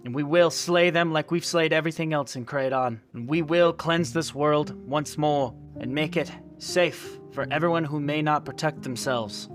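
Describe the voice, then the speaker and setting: Dude voicing a solemn priest giving a big stately funeral speech, faint music under it. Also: male voice, fairly high pitch, normal speed, few pauses, lightly acted. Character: solemn male religious leader at a funeral.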